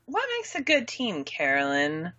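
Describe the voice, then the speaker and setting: A bright-voiced woman talks shop as a podcast co-host, her pitch jumping around as she jokes and swears. The sound is dull and lo-fi. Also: unhurried, breathy edge. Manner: animated, sarcastic, swears freely. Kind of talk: casual sports chat.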